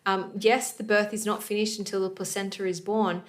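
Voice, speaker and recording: A woman's voice: medium pitch, level tone, brisk. A woman co-hosting a podcast in casual chat, rambling with many restarts.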